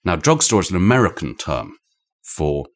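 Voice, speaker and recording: A man's voice: low voice, very animated, moderate pace. A man with a British accent, an author being interviewed, explaining ideas in a thoughtful, digressive way with frequent restarts. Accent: British English. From Britain. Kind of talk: conversational explanation. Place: indoor room shared with the host.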